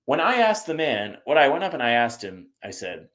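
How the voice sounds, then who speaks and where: A man from the US Northeast, co-hosting a sports podcast in casual chat, animated and acting out the people he quotes. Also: mid-range voice, fairly quick, hardly any pauses. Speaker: podcast co-host.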